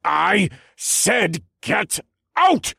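A man's voice: a bass voice, normal speed, dry recording, studio quality, voice pushed down. A man doing a haughty, irritable duke. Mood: furious. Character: haughty male duke, curt, secretive and irritable. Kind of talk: audiobook character voice.

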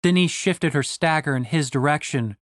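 A man narrating an audiobook in a wry, expressive way. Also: fairly high pitch, normal speed, dry recording, studio quality.

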